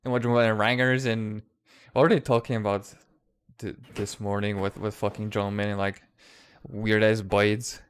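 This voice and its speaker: A man's voice: fairly low pitch, little pitch movement, a little fast, clear, resonant tone. A man chatting casually in a live stream, laid-back and laughing often, swearing freely. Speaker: comics creator in a live chat. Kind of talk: casual chat. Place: lives outside the United States.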